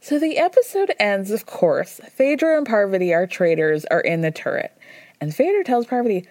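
Woman host, casual solo recap, a bit high-pitched, lively, dry close mic. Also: a little fast, no room sound. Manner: chatty, animated, mimics people in high voices. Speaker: podcast host.

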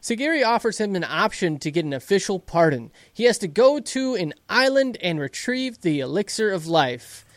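High-voiced man recapping casually. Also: sing-song, no echo. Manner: loose, swears freely, narrates the plot with quick mock quotes. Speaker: podcast co-host recapping an episode. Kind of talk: casual profane recap chat.

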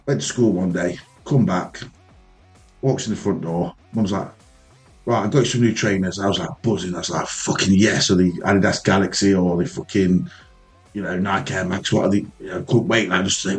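A man co-hosting a casual podcast, telling an animated, heavily sweary story about his youth. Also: sits low, a little fast, soft background music. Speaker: podcast co-host.

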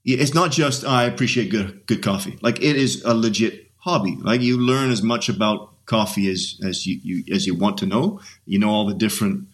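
A man speaking as a podcast guest in a fairly low voice. He talks casually and with enthusiasm, his sentences loose and full of fillers. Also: moderate pace, few pauses. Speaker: sprint coach, podcast guest. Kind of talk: casual interview chat.

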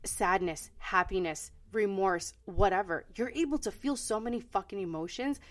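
A woman's voice: mid-range voice, moderate pace. A woman co-hosting a podcast in casual chat, blunt and frank and swearing freely. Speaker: podcast co-host.

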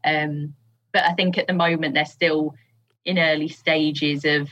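Giggly husky woman, lo-fi sound. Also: low-pitched, steady tone, measured pace, fairly bright tone. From England. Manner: giggly, hesitant with fillers. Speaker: podcast guest. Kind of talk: casual chat.

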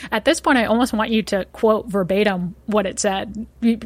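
A woman's voice: medium pitch, steady tone, normal speed, dry recording. A woman co-hosting a casual podcast, running a trivia quiz with playful, teasing remarks.

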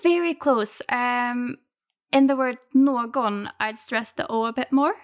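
Swedish-native female tutor, slightly high voice, patient and encouraging. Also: a little slow. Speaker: language tutor. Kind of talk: casual language lesson.

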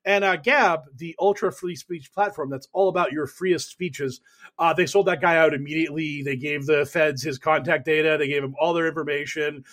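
A man's voice: on the high side, steady tone, normal speed, a bit bright. A man co-hosting a podcast, chatting casually and mockingly about political news, laughing often and rambling with fillers. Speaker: podcast co-host. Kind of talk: casual comedic political chat.

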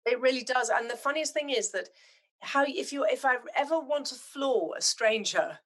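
A middle-aged woman from Zimbabwe, chatting as a podcast guest and telling animated, heartfelt stories. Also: high voice, normal speed. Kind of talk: casual chat.

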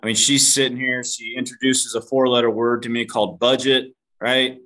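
In a bright, forceful, medium-pitched voice that barely shifts in pitch, a podcast guest relates a personal story at a moderate pace. He's candid and self-deprecating, swearing casually and calling the host "dude."

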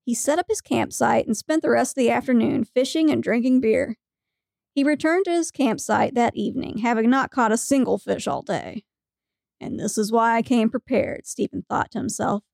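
Woman, podcast co-host, story reading, giggly, gravelly, slightly high voice. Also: animated, moderate pace, a little mellow, no echo, clean studio sound. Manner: giggly storytelling, breaking into laughter.

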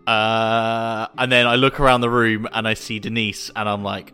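A man's voice: fairly low pitch, little pitch movement, moderate pace, sharp tone, smooth. A man playing in a tabletop role-playing game, flustered and laughing with frequent exclamations. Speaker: player. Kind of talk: tabletop role-play chat.

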